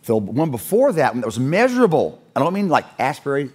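A man preaching, telling a story with lively quoted voices and laughter in his delivery. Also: mid-range voice, a little fast, breathy edge. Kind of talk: storytelling sermon.

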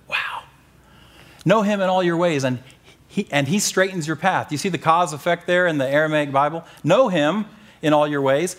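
A middle-aged man preaching and teaching from the Bible, animated and joking, pushing key phrases up with emphasis. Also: a little high, a little fast. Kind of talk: sermon-style Bible teaching.

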